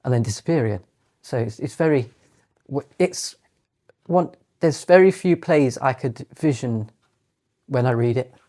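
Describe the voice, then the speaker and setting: A man guesting on a podcast as a theatre director, talking in a relaxed, dry and understated way. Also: mid-range voice, moderate pace. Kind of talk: casual podcast chat.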